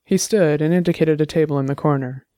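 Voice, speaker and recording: A narrator reading a story aloud in a steady, measured way. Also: medium pitch, no room sound, clean studio sound. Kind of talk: scripted audiobook narration.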